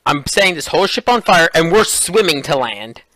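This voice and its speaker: Tabletop player, bright voice, lively pitch, dry sound, swears a lot. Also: moderate pace. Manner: excitable, swears freely. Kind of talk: casual tabletop game chat.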